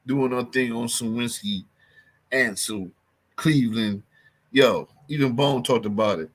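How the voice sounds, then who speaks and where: A man's voice: medium pitch, unhurried, fairly bright tone, husky. A man hosting his own podcast, talking loosely in casual street slang and repeating himself for emphasis. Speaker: podcast host.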